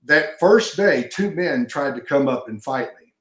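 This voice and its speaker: Older man, folksy pastor telling a story, mid pitch, roomy sound. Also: animated, measured pace, fairly bright tone. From Texas. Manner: folksy storyteller, acts out dialogue. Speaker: pastor and retired police sergeant. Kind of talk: storytelling in an interview. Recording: roomy echo.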